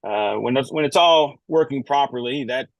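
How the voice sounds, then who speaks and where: A man's voice: mid-range voice, moderate pace, dry recording, highs cut off. Earnest man on a call. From Texas, United States. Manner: earnest, repeats words while thinking. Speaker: roundtable attendee. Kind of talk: online roundtable remarks. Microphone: video call.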